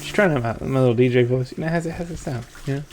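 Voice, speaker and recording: A man's voice: mid-range voice, very fast, music in the background. Wry, mumbling man playing a game. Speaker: gaming video creator. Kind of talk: casual let's-play commentary.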